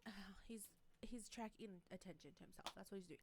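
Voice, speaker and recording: Speaking briskly in a mid-range voice, a young adult podcast co-host spins lively stories full of laughter and profanity. Background noise can be heard from the room where the co-hosts are watching TV.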